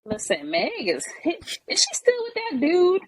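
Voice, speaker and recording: A woman from the Bronx with a New York accent chats on her podcast, playful and slangy. Her pitch swings widely from line to line. The sound is dry and close, with little room around it. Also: wildly swooping pitch, unhurried, dry recording. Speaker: podcast co-host. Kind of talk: casual chat.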